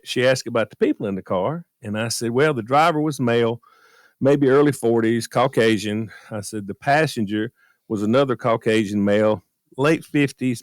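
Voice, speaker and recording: Man, casual storytelling, lively swooping pitch, dry close sound. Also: no echo. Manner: animated storyteller, acts out quoted voices. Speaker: guest storyteller, former beer truck driver. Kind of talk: casual anecdote on a radio podcast.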